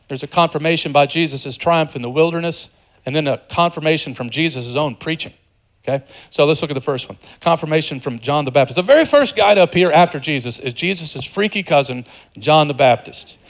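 A pastor preaching a sermon in an animated, conversational way, joking with the congregation and dropping to a hushed voice for quieter passages. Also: male voice, fairly high pitch, a little fast. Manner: animated, swings between loud emphasis and hushed, softer passages.

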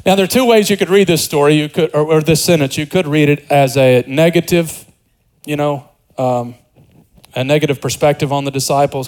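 A man's voice: on the high side, lively intonation, a little fast, a little mellow, rough recording. A man preaching an expository sermon in a conversational way, repeating words and dropping joking asides.

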